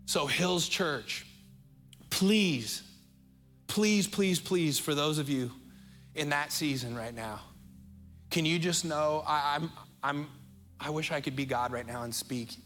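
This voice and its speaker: A middle-aged man with an American accent preaching a sermon as pastor, earnest and openly emotional, slowing right down on key phrases. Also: a little high, a bit bright. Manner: emotional, earnest, speeds up and slows down for emphasis.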